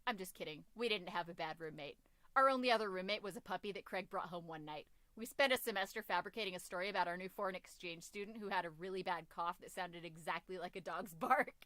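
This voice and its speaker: A woman's voice: lowish voice, quick pace, pushed and bright, no room sound. A woman streaming a game, reading its dialogue aloud and joking along with it in a playful manner. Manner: playful, reads characters' lines aloud with running jokes. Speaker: let's play streamer.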